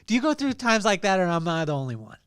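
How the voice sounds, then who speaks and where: A man's voice: high voice, sing-song, fast, fairly bright tone, smooth, no echo, clean studio sound. A man hosting a podcast, talking candidly and laughing as he speaks in casual interview chat. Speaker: podcast host.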